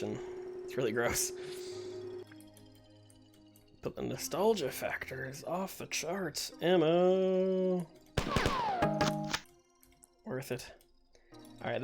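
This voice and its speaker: A man giving casual, joking commentary while playing a shooter game, laughing often at himself. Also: mid-range voice. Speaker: gameplay streamer. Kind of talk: casual let's-play commentary. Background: game music and gunfire.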